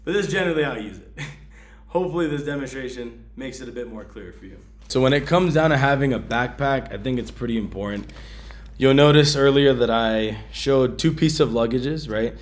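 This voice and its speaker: Speaking at a brisk clip in a medium-pitched voice, a man shows off his travel gear in a vlog, using slang, lots of ums and sudden bursts of excitement in a casual manner.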